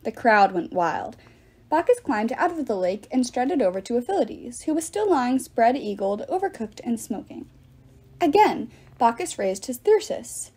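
A woman reads a novel aloud with lively, expressive narration. Her voice sits a little high, soft and mellow with a breathy edge. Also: a little slow. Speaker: reader.

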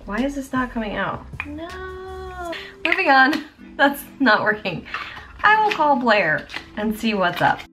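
A young woman chatting casually as a beauty vlogger, bubbly and quick to exclaim. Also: a little high, sing-song, bright, forceful tone. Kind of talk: casual chat.

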